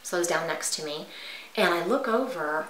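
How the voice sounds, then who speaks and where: Woman telling a dramatic story, bright voice. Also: fairly low pitch, moderate pace, echoey room, a little hiss or hum, rough recording. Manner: animated, dramatic retelling with hushed asides. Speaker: vlogger telling a personal story. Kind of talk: casual storytime.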